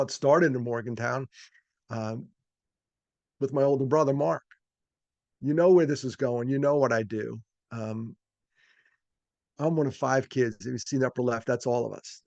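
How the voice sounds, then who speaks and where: A man's voice: medium pitch, a little mellow, dry recording, muffled recording. A middle-aged man from New York telling personal stories in a folksy, self-deprecating way, full of fillers, over a video call. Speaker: speaker. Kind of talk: storytelling talk.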